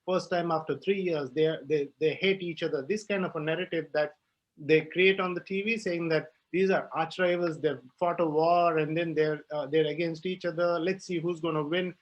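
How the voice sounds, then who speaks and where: A man's voice: on the high side, fairly even intonation, moderate pace, lo-fi sound. A young man speaking on a panel, passionate and emphatic, with many fillers and restarts. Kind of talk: panel discussion.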